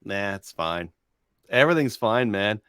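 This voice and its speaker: A man's voice: fairly low pitch, lively intonation, unhurried, pushed and bright, clear, resonant tone. A man whose voice swings up and down a lot as he talks, with lots of hesitation and dry sarcasm. He sounds close and dry, with no room echo. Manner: rambling, hesitant, wry and sarcastic. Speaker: podcast co-host. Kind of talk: casual chat.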